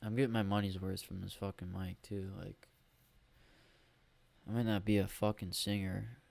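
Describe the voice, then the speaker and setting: A man's voice: low-pitched, flat delivery, moderate pace, gravelly, a little mellow. A man hosting a solo podcast on a USB microphone, rambling and grumbling with lots of swearing. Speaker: podcast host.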